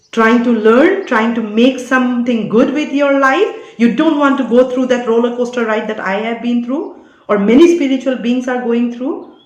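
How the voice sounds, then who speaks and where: A woman's voice: fairly high pitch, darkish tone, dull audio. A woman giving a spiritual guidance monologue as a channel reader. She talks in a preachy, insistent way and keeps tagging "all right?" onto her lines. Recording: echoey room.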